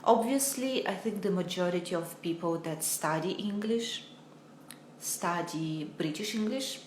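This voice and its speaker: A woman, an English teacher talking in a live online Q&A lesson and pausing often on filler sounds. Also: fairly low pitch, a little hiss or hum. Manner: hesitant, many filler sounds, reads viewer comments aloud. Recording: roomy echo.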